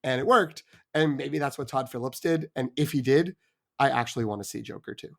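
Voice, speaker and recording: A man's voice: mid-range voice, a little fast, vocal fry. A man hosting a podcast in casual chat, telling stories in a rambling way with stammered restarts. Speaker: podcast host.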